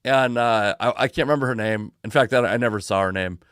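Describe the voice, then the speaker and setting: A man hosting a sports talk show, telling a long rambling story in a casual, animated way, full of restarts and swearing, worn out from no sleep. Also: lowish voice, quick pace, clear, resonant tone, dry recording, clean studio sound. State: exhausted from no sleep.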